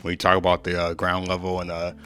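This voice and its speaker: A man's voice: low-pitched, completely flat delivery, quick pace, bright, forceful tone, clear, resonant tone. A man co-hosting a casual reaction chat, laid-back and agreeable, with lots of fillers. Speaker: reaction co-host.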